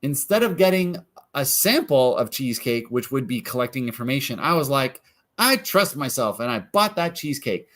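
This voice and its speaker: A man coaching viewers through a decision exercise in a calm, guiding way, often acting out the questions people ask themselves. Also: mid-range voice, a little fast. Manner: calm, guiding, acts out inner questions in quotes. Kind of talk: guided self-help coaching.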